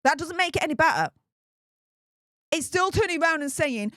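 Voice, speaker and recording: Riled-up high-voiced Northern English woman. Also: expressive, moderate pace, a bit bright, dry recording, clean studio sound. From England. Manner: riled up, sarcastic, emphatic. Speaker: political commentary host. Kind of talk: opinionated commentary.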